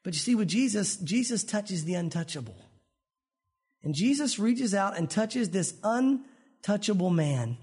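A man preaching a sermon as pastor, animated, acting out the voices of Bible figures. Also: high-pitched, measured pace, breathy edge.

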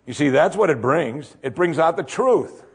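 A male pastor preaching a sermon in an animated way, full of rhetorical questions and acted-out voices. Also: on the high side, normal speed, breathy edge.

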